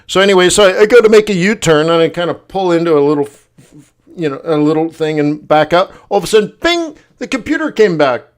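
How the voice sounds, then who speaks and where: A man hosting a casual livestream, telling a story in an animated way, often acting out quoted voices and laughing. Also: a little high, fast. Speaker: forex livestream host.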